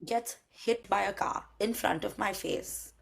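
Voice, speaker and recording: A young woman spins a long, animated story in a casual chat. Her voice sits in a middle pitch and she slips into her friends' voices as she quotes them. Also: a little slow, gravelly, husky.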